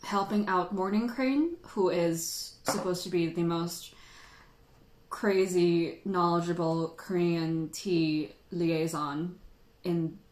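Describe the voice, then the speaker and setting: A woman's voice: lowish voice, fairly even intonation, takes it slowly, darkish tone. A woman hosting a casual livestream who chats in a rambling way and laughs often. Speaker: tea livestream host. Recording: roomy echo.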